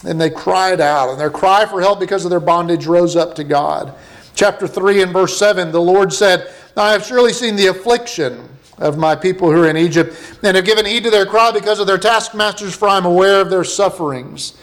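A man's voice: sits high, a little fast, fairly bright tone. A pastor preaching a conversational sermon and reading scripture passages aloud to his congregation.

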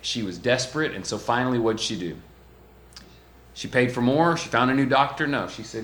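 Bright-voiced, emphatic male preacher. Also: mid-range voice, normal speed. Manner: emphatic, swings between loud and hushed. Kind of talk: sermon. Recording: echoey room.

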